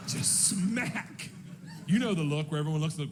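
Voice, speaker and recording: A man doing stand-up storytelling, animated and loud, shouting his punchlines, on a noisy live recording. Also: fairly high pitch, unhurried, long pauses. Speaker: stand-up comedian.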